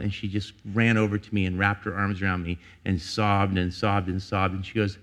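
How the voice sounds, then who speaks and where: A middle-aged man preaching a sermon as pastor, earnest and confessional, climbing to emphatic peaks and dropping low and personal. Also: flat delivery, moderate pace, few pauses, fairly bright tone.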